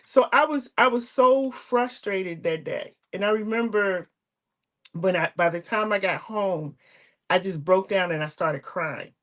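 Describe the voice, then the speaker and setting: A woman's voice: mid-range voice, a little slow, a bit bright. An older woman hosting an online talk show, telling a personal story in an earnest, emotional way over a video call. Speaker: host.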